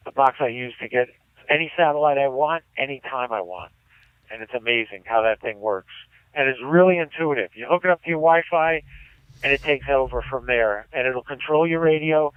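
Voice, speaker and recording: Man, tinny radio transmission, smooth clear voice, dry, chatty and keen. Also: medium pitch, no room sound. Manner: chatty, explaining his equipment with enthusiasm. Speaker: ham radio operator on air. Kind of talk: casual radio chat.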